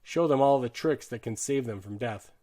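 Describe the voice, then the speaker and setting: A man giving a dramatic audiobook narration of a war novel, earnest and shifting his loudness sharply with the drama. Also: medium pitch, normal speed. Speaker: audiobook reader.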